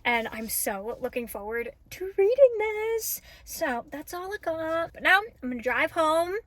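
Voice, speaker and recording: A young woman's high, bright-pitched voice spills through a casual book vlog. She gushes and gets carried away, peppering her chat with "like" and "oh my God". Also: measured pace. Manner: gushing, excitable, lots of "like" and "oh my God". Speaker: book vlogger.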